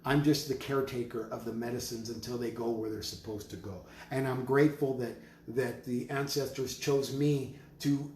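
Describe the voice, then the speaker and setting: Guy selling drums live, slow prayerful talk and chants, echoey studio, a little hiss. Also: mid-range voice, dark tone. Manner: slow, prayerful, emphatic declarations with chanted words. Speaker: drum maker selling drums on a live stream. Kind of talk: live sales stream with spiritual talk. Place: studio full of drums and rattles. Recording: roomy studio with faint noise.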